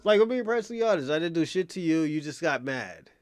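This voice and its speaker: A livestream host with a fairly high voice talks fast and animatedly, commenting casually to his chat. He rambles, swears, repeats himself and needles viewers by nickname, in studio-quality sound with no echo.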